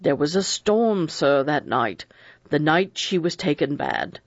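A frightened older manservant, as a man puts him on, pleading and defensive, his voice rising and falling widely as he protests. The recording is dry and slightly dull. The pace is slow and careful. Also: fairly high pitch, very animated, no echo, exaggerated voice. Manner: nervous, defensive, insistent. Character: anxious older male manservant pleading innocence.

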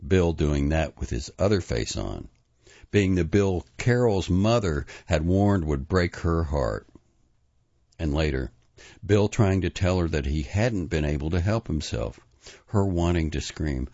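A man narrating a novel in an expressive storytelling manner, moving between dramatic and hushed delivery. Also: deep voice, a little slow, no echo, dull audio. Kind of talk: audiobook narration.

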